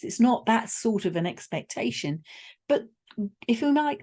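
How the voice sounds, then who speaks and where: A woman's voice: a little high, expressive, measured pace, darkish tone. A woman hosting a solo podcast, telling a personal travel story in a conversational way with wry asides. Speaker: podcast host.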